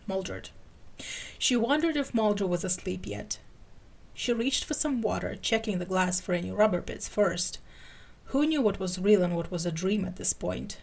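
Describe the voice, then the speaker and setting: A woman podcast host giving an expressive dramatic reading of fan fiction. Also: mid-range voice, creaky.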